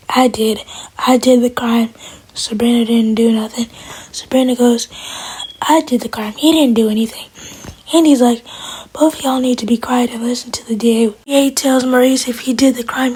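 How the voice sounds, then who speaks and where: Woman whispering a tv recap, fairly high voice, super breathy, sassy little side comments. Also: darkish tone, rough recording. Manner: retells scenes with "is like" quotes and sassy asides. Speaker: TV episode reviewer.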